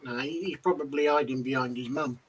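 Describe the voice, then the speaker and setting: A man's voice: mid-range voice, brisk, breathy edge, low-quality recording. A man co-hosting a casual live show, chiming in with short agreements and playful teasing. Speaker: co-host. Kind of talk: casual live-stream chat.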